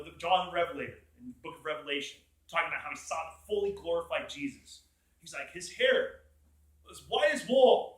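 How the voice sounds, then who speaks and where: A young man leads a college Bible group in a casual, animated talk, acting out quotes and firing questions at the room. His voice sits high and bright, and the room around him rings with echo. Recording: echoey room.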